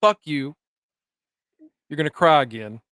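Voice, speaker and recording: A laid-back man co-hosting a podcast, with a fairly high, bright voice. He teases his co-host and laughs often as they recap an episode. The room sound is close and dry. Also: animated, measured pace, dry recording. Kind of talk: casual show recap chat.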